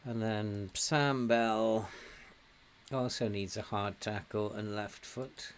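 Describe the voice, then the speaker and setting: A man's voice: on the low side, steady tone, takes it slowly, clear, resonant tone. An older man from England giving casual commentary while playing a football management game, chatty and laughing often, cheering his team on. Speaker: game streamer.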